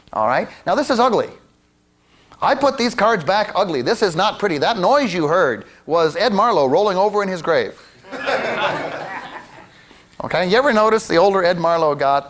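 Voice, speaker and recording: A man with a fairly high voice gives a demonstration lecture on a mentalism card routine. He talks casually and breaks into joking asides. He often restarts his sentences. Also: a bit bright.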